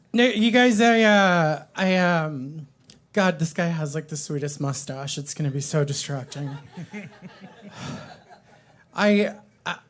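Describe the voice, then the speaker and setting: A woman doing a stand-up comedy set at a coffee shop open mic, crude and rambling, with lots of "um" and "like". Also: low voice.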